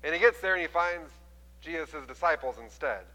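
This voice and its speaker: A man preaching a sermon, retelling a scripture story with lively voices for the people in it. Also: on the high side, brisk, big-room sound, low-quality recording. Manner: animated storytelling, acting out quoted voices. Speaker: pastor.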